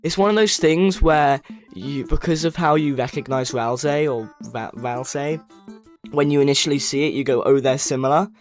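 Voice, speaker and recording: A livestreamer chats casually at a moderate pace in a medium-pitched voice, rambling, stumbling over words, correcting themself, and reading chat messages aloud. Faint music plays in the background.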